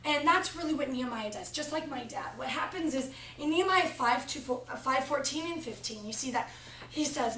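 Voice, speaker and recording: With a high, fairly quick voice, a young woman studying preaching delivers a practice sermon to a class. She opens by animatedly telling a family story and then moves to the text, and the recording is distant and echoey.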